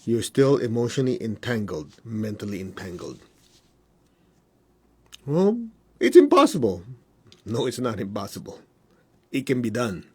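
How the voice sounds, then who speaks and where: A man who works as a spiritual teacher, giving a casual teaching on a live stream. He talks conversationally, keeps asking whether things make sense, and mimics his students in high voices. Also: sing-song, measured pace, long pauses, darkish tone, breathy edge. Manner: conversational, asks the audience whether it makes sense.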